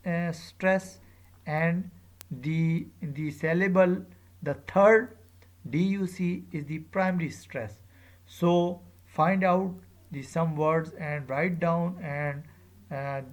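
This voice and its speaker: Gravelly-voiced teacher, hesitant and repetitive, lecturing a class and leaning hard on example words. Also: mid-range voice. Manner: hesitant, repeats phrases with many fillers; drawn-out, emphatic example words. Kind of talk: recorded lecture to students.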